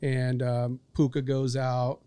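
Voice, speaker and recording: A man in a casual podcast chat, talking in a measured, hesitant way with frequent ums and analysing games. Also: mid-range voice, completely flat delivery, dark tone, clean tone, no room sound.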